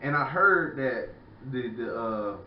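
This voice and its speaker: A man's voice: medium pitch, expressive, slow, slight background noise. A young man hosting a casual podcast, ranting in a profane, rambling way and repeating "you know what I'm saying.". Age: young adult. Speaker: podcast host. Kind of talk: casual rant. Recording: echoey room, far from mic, dull.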